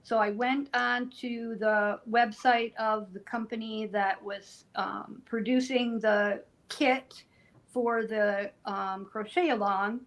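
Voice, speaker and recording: Heard through poor audio, a crochet stream co-host speaks in a fairly high, fairly bright voice. She chats casually, laughs a lot, and explains stitches to her viewers.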